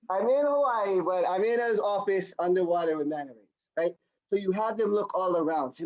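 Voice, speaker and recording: A man giving an energetic, repetitive sales training demo on a video call. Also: high voice, fast talker, highs cut off. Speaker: product demonstrator. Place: home or office on a video call.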